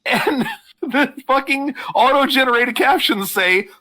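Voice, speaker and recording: Giggly bright-voiced man on a podcast. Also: very high-pitched, measured pace. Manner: joking, giggles through his lines. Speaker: podcast co-host. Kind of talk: casual comedy podcast banter.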